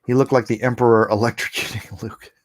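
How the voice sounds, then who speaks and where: A man hosting a casual livestream, chuckling often and reading chat aloud, a little hoarse after coughing. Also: mid-range voice, fairly even intonation, brisk. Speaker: livestream host.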